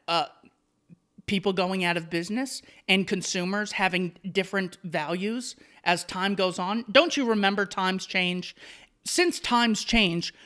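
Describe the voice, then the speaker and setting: A man's voice: high-pitched, sharp tone. A man hosting solo commentary, reading out an article and answering it with sarcastic, mocking asides. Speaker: commentary host.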